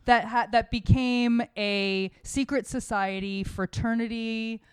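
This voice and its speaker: A woman's voice: fairly high pitch, steady tone, slow, clear, resonant tone, no echo. A young woman co-hosting a casual podcast, rambling through her notes with lots of "like" and plenty of swearing. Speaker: podcast co-host. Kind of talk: casual chat, explaining a topic from notes.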